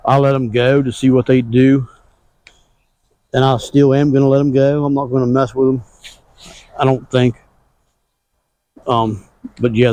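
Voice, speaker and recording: A man strolling through his farm garden outdoors, giving a loose and easygoing weekly update. His voice is warm and mellow, and his talk is plain and rambling, in everyday country grammar. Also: mid-range voice, no room sound, low-quality recording. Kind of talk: casual walk-through narration.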